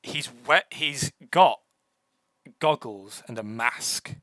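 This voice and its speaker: A young man narrating a tabletop game as game master, halting with many restarts. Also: mid-range voice, expressive, fairly bright tone, no echo.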